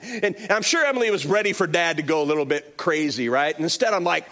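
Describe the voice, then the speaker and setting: A man's voice: fairly high pitch, quick pace, hardly any pauses. A middle-aged male pastor preaching a sermon, telling stories with acted-out quotes. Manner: animated storytelling with acted-out quotes.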